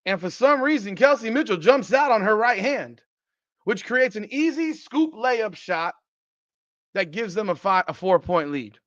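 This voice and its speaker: Guy ranting on his podcast after a game, cussing, kinda higher voice, dry dull lo-fi mic. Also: sing-song, unhurried, fairly bright tone, no room sound. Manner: blunt, profane, exasperated ranting. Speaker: podcast host. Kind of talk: post-game basketball commentary. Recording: dry, slightly dull lo-fi sound.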